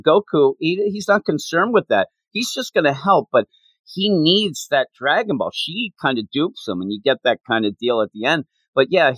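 A man's voice: mid-range voice, no room sound, dull audio. Guy chatting about comics, laughs a lot, dry close sound. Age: adult. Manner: animated, laughs often, acts out quotes. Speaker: podcast co-host. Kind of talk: casual manga discussion.

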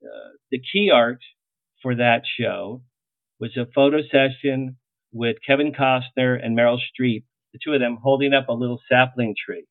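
A middle-aged man, a publicist, telling lively anecdotes in an interview and acting out the lines he quotes. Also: medium pitch, moderate pace, no echo. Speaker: publicist guest. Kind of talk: storytelling interview. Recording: tinny phone-like line, dry.

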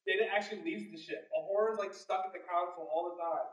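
Quick distant man from the audience. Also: high voice, fairly even intonation, roomy sound. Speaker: audience member.

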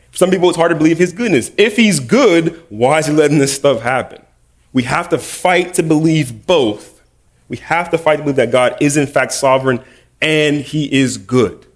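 A man preaching a casual, conversational sermon with humorous, self-deprecating storytelling. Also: on the high side. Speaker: preacher, middle school teacher.

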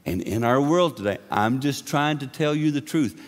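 A man preaching from the pulpit of a church, his voice carrying a long reverb through the hall. He is impassioned, swinging from booming lines down to hushed, close asides. His pitch sits at an ordinary middle register. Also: lively intonation, moderate pace. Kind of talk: sermon. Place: church sanctuary.

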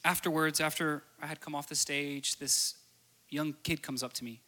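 Man, preacher, sermon with stories, high voice, bright tone, earnest, repeats lines for emphasis. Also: steady tone, normal speed. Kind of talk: sermon with storytelling.

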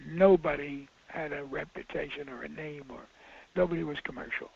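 A man's voice: on the high side, fairly even intonation, normal speed, vocal fry, darkish tone, husky, no room sound. An older man, a film director, telling rambling, self-interrupting anecdotes in a casual interview. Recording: muffled dull interview audio.

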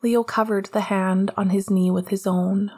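A woman narrating a novel in a soft, quiet reading voice. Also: mid-range voice, steady tone, normal speed, slightly rough. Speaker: audiobook narrator. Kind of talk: scripted narration.

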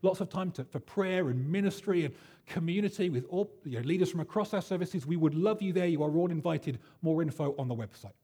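A man preaching a sermon, his voice slightly husky and pitched a touch high. He talks in a chatty, storytelling way, full of ums and ahs, and pokes gentle fun at himself. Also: a little fast. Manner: chatty, self-deprecating storyteller with many fillers. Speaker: pastor.

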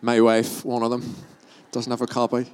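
A man's voice: mid-range voice, completely flat delivery, normal speed, darkish tone, clean tone. A man, a pastor, leading fervent prayer and church announcements and often restarting his phrases. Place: church hall. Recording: long reverb of a church hall.

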